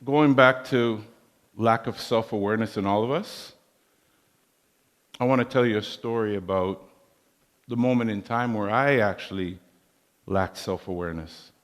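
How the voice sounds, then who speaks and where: A man giving a motivational leadership talk in a large hall, measured and preacherly, with proverbs. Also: lowish voice. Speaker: keynote speaker. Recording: long hall reverb.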